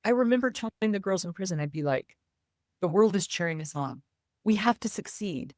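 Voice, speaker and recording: An earnest woman recounts her experiences in an interview, bringing the voices of others to life as she quotes them. Her voice sits at an ordinary middle pitch and sounds dry and close. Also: fairly quick, dry recording. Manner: earnest, animated retelling with quoted dialogue. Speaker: guest. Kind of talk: personal storytelling in an interview.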